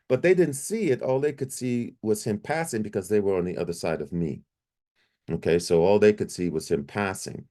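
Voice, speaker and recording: A middle-aged man recounting his near-death experience in a lively, repetitive storytelling way, restarting sentences often. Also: moderate pace. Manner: animated, jumps higher when quoting himself; repeats himself, restarts often. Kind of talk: personal storytelling.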